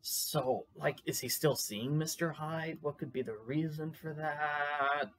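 A man's voice: a little high, fairly even intonation, slow pace, a bit bright. A man reading a classic novel aloud, with chatty, musing comments between chapters. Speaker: audiobook reader.

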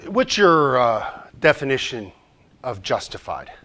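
A man's voice: medium pitch, very animated, a little slow, fairly bright tone. A man teaching a church Bible study class in a conversational way, asking the group questions and joking lightly.

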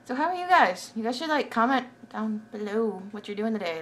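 A woman's voice: fairly high pitch, expressive, fairly quick, a bit bright. A young woman vlogging in a hyper, giggly way, rambling from one random thing to the next. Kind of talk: casual hyper rambling chat.

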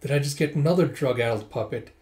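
A man's voice: medium pitch, quick pace, a little mellow, close to an everyday voice. A man doing a sneering villainous trafficker. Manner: sneering, dismissive. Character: scheming male drug trafficker, sneering, fussy.

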